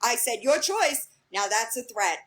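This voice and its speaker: A woman's voice: fairly high pitch, expressive, a little slow, fairly bright tone. A young woman hosting a livestream, bluntly retelling an argument line by line with plenty of swearing. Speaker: livestream host. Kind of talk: casual livestream rant.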